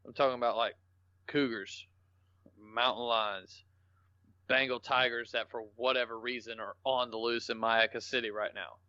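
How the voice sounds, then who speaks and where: A man's voice: mid-range voice, fairly even intonation, normal speed, pushed and bright, clean tone, no room sound. A man, a podcast guest telling rambling, salty, joking stories in casual talk. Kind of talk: casual storytelling interview. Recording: dull lo-fi podcast audio.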